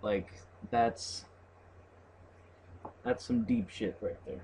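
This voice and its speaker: A man's voice: on the low side, huge pitch swings, extremely slow, vocal fry, dark tone, poor audio. A young man reading on-screen game text aloud in a loose, mumbling way, then chatting casually about the game. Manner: reads in a loose, mumbling way, skips words, laughs and swears. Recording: faint background noise.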